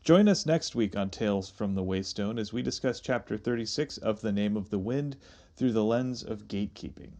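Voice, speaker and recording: A man co-hosting a podcast in casual chat, joking and animated. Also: fairly low pitch, moderate pace. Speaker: podcast co-host.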